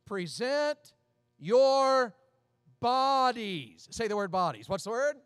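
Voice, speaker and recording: A middle-aged pastor from Tennessee preaches in a high-pitched, folksy voice. He repeats phrases and fires questions at the congregation. The sound is dry and close, with little room echo. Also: very animated, takes it slowly, a bit bright, clean tone, soft background music. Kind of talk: sermon.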